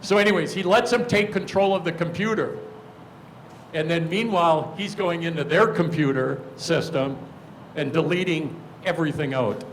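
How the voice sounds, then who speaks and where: A man's voice: a little high, moderate pace, noisy background. A man moderating a community seminar panel, chatting and turning questions to the panelists. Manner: conversational, turns questions to panelists. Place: church hall.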